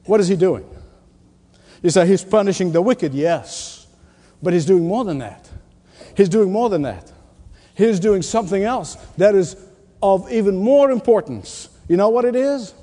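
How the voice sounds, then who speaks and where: Man, pastor, sermon, high mellow voice, emphatic, repeats phrases, long hall echo. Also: expressive, unhurried. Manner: emphatic preaching, repeats key lines, swings from loud to hushed.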